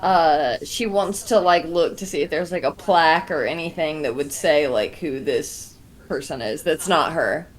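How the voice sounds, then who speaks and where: A woman playing a tabletop game, talking casually and haltingly with lots of fillers. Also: low voice. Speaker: player.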